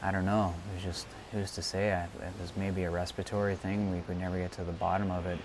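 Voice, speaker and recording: A man interviewed for a documentary, speaking reflectively and hesitantly with many pauses and fillers. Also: low-pitched, flat delivery, background noise. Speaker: friend interviewee.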